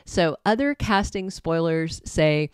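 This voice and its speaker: A woman's voice: low-pitched, takes it slowly, clear, resonant tone, no room sound, studio quality. A woman chatting casually to her viewers, giving opinionated commentary on a soap opera.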